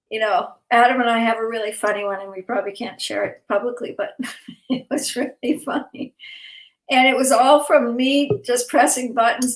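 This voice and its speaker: A woman's voice: on the high side, roomy sound, rough recording. A woman hosting a live online event, talking in a rambling, emotional way and laughing often, worn out and overtired. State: exhausted, overtired. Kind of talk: casual heartfelt chat.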